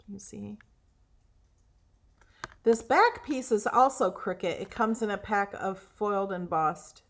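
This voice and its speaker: A woman's voice: mid-range voice, measured pace. A woman hosting a craft livestream, chatting casually with viewers, gushing over her projects with fillers and restarts.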